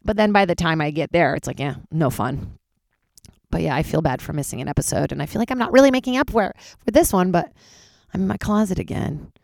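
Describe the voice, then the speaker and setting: A woman in her thirties, a comedian, chatting alone from her closet, candid and swearing, sounding tired and jumping into high squeaky voices for her own reactions. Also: lively intonation, brisk, vocal fry, a little mellow, dry recording, clean studio sound. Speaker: comedian podcast host. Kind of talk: casual solo chat.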